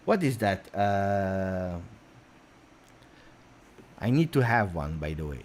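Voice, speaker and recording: Animated Italian-accented football streamer. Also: male voice, deep voice, takes it slowly. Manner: animated, chatty, many fillers. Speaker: football channel host. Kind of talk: casual livestream chat.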